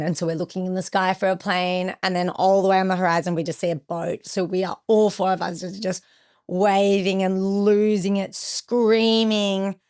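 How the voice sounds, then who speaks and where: A woman's voice: medium pitch, level tone, moderate pace, a little mellow, smooth. A young woman recounting a personal ordeal as a podcast guest, with vivid retelling and acted-out quotes. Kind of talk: emotional personal storytelling.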